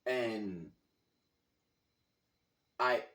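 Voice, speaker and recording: A man's voice: lowish voice, drawn-out words, a bit bright. A man telling a story casually, with lots of slang and profanity, acting out his own reactions as he goes. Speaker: storyteller recounting a college basketball trip. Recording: echoey room, distant from the mic.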